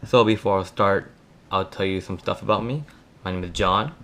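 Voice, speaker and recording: At night in a room at home, a man from Florida with a lisp talks casually through a card game deck. His voice sits low with a fairly bright tone, and he talks fast but hesitantly, with lots of ums.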